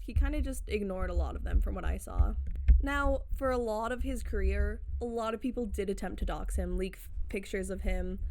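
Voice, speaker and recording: A woman narrating a casual commentary video essay, chatty and digressive with playful sarcasm. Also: fairly high pitch. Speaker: commentary YouTuber.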